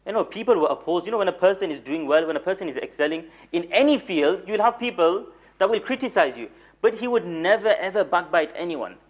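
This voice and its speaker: A young man lecturing in a mosque as a moulana, telling stories with light humor, repeating words for emphasis and reciting Arabic rapidly. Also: on the high side. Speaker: moulana giving a weekly lecture. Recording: dull lo-fi recording.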